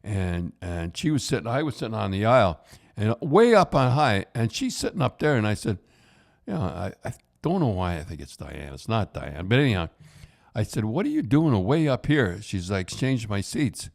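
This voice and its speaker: A man's voice: fairly low pitch, very animated, moderate pace, creaky, darkish tone. An older man with a Canadian accent, hosting a podcast and telling hockey stories in a rambling way, restarting often and tagging lines with "eh". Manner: rambling, repeats and restarts, says "eh". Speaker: podcast host. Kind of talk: casual hockey storytelling.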